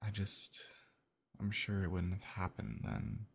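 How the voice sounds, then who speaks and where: A man doing soothing whispered boyfriend role-play, deep and gravelly. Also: level tone, unhurried. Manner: soothing, gentle, reassuring; soft, partly unvoiced whispering.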